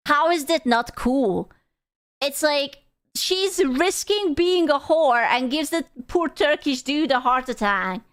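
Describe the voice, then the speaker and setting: A woman's voice: high-pitched, animated, slow pace, fairly bright tone. A young adult woman streamer in casual livestream chat, playful, crude and giggly.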